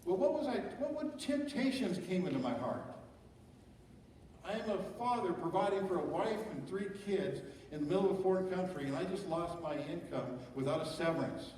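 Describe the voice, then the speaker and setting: A man's voice: sits high, expressive, brisk, a little mellow, a little hiss or hum. A middle-aged man pastor preaching a sermon, talking conversationally and asking the congregation rhetorical questions. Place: church sanctuary. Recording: echoey church hall from far off.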